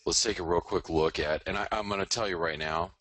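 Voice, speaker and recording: A man's voice: sits low, brisk, a bit bright, no echo. A man hosting a live forex market show, rambling casually through charts and often correcting himself.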